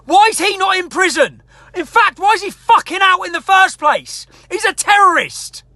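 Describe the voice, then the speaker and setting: A woman's voice: very high voice, animated, moderate pace, pushed and bright, no echo. A woman delivering an angry, indignant rant, swearing as she goes. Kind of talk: angry ranting monologue.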